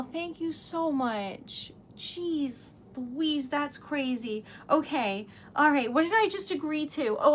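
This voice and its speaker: Girl on a craft livestream, high voice, slow and rambly, teary and giggly, flustered. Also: a bit bright, slight background noise. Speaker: livestream host. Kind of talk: casual livestream chat while crafting.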